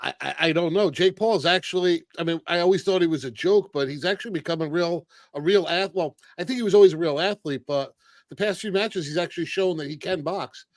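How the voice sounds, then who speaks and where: A man on a panel with a fairly high voice, recorded close and dry. He reads out chat questions in an easygoing way and trails off as he thinks. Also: brisk, dry recording.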